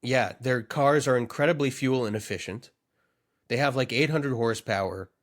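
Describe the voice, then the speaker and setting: A man's voice: mid-range voice, normal speed. A man co-hosting a comedy podcast, riffing in a rambling, mock-earnest way. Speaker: podcast co-host. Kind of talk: comedic casual chat.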